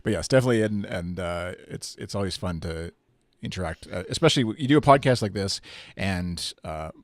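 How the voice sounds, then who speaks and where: A man's voice: deep voice, lively intonation, brisk, no echo, clean studio sound. A man hosting a casual fan podcast, teasing his co-hosts and laughing often. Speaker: podcast host.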